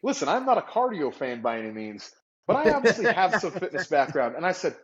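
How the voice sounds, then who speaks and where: A man telling a story as an interview guest, animated and vivid, acting out the people he quotes. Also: a little high, a little fast. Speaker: guest entrepreneur. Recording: slightly dull lo-fi audio.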